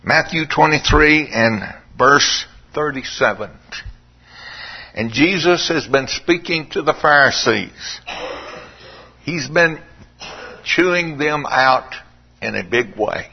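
A man preaching a sermon in a dramatic, drawn-out way, sometimes dropping to a hushed, pleading tone. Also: on the high side, lively intonation, slightly rough. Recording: dull lo-fi sermon recording.

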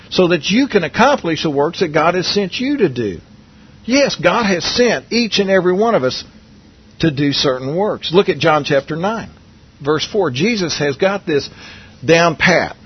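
A man's voice: fairly high pitch, slightly rough, lo-fi sound. A man preaching a Bible lesson in a conversational way, asking his listeners questions and often restarting his sentences. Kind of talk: Bible teaching sermon.

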